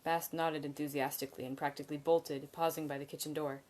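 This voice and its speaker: A woman with a notably low voice reads a novel aloud on a live stream. Her reading is measured and even, stumbling now and then and picking the line back up. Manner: measured, with occasional slips and restarts. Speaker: reader.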